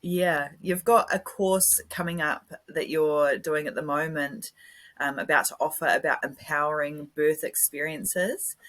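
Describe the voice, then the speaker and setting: Low-voiced New woman host. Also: a bit bright. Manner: chatty, rambling, laughs often. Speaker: podcast host. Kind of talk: casual interview chat.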